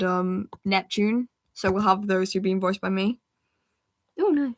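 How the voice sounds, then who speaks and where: A British-accented speaker with a woman's voice chats loosely with viewers on a livestream. She rambles, trails off and breaks into giggles as she drifts between thoughts, at an ordinary middle pitch. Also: fairly bright tone. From Britain. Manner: rambling, giggly, easily sidetracked. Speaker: livestream host. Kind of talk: casual livestream chat.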